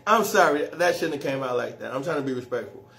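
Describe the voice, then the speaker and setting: A man doing stand-up comedy, telling a story loudly and with lots of slang and swearing, often laughing at his own jokes. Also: a little high, vocal fry. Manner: profane and slangy.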